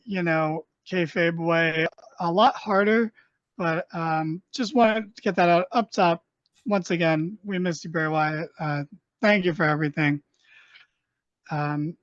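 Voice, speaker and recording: A man's voice: a little high, a bit bright, no room sound, dull audio. A man hosting a casual wrestling podcast, joking and rambling with lots of fillers. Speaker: podcast host.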